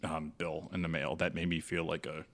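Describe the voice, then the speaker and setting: A man's voice: rumbling low, flat delivery, fairly quick. A man chatting casually on a podcast, laughing often as he rambles. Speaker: podcast host. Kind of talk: casual chat.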